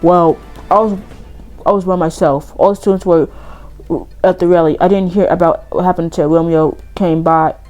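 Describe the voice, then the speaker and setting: A woman voicing a grieving, evasive adult male drama teacher, reading game dialogue aloud slowly in a put-on accent. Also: fairly low pitch, fairly even intonation, darkish tone, soft background music, close to an everyday voice, rough recording. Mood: halting, sorrowful.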